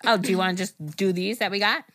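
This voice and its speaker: A woman's voice: mid-range voice, steady tone, quick pace, a bit bright, dry recording, studio quality. A woman co-hosting a podcast, chatting casually, laughing often and swearing freely. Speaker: podcast co-host. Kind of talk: casual chat.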